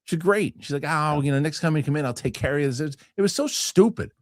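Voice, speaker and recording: A man's voice: a little high, quick pace, no room sound, studio quality. A man hosting a casual podcast, telling a story with many restarts and some swearing. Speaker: show host.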